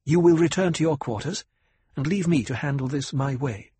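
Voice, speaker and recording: A man's voice: high-pitched, lively intonation, fairly quick, a little mellow, husky, pitched above the performer's own voice. A man voicing a stern, imperious noblewoman. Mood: commanding. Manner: clipped, imperious commands. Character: commanding noblewoman, stern and bitter.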